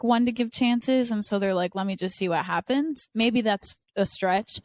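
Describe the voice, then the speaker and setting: Casual young female co-host, giggly and rambling, mid-pitched, close dry sound. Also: no room sound. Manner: giggly, lots of fillers. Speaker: podcast co-host. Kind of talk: casual chat.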